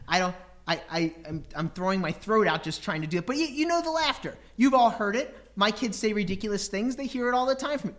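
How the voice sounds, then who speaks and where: A man preaches a sermon in an animated way, leaning into rhetorical questions. He acts out voices and bursts of laughter to make his points. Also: high-pitched, quick pace, few pauses. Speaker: preacher teaching scripture.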